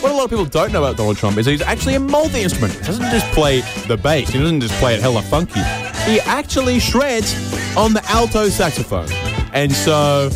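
Lively-voiced Australian man riffing. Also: a little high, brisk, loud music behind the voice. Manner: deadpan absurd riffing, acts out quoted voices. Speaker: comedy podcast host. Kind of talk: rambling comic monologue.

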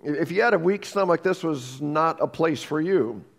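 Earnest pastor preaching in a reverberant hall. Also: male voice, on the high side, moderate pace, gravelly. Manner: earnest storytelling with frequent restarts. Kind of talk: sermon. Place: church sanctuary. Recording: long reverb of a church hall.

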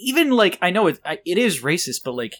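A man's voice: high voice, sing-song, fast talker, fairly bright tone, a little hiss or hum. A man co-hosting a casual podcast about a movie, talking in a rambling, incredulous way with many fillers. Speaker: podcast co-host. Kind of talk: casual chat.

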